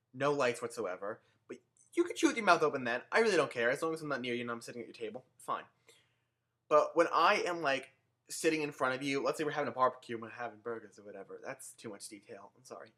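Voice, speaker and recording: Bright-voiced sarcastic young man ranting. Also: medium pitch, fast. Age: young adult. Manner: sarcastic, animated, swears. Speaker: vlogger. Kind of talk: comedic rant to camera.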